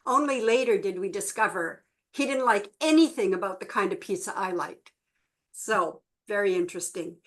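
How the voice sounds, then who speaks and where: A middle-aged woman co-hosting a relationship workshop, telling stories to a small group and livening up the quoted voices. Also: medium pitch. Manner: storytelling, animated in quoted voices. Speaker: workshop co-host. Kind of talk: relaxed talk to a small group.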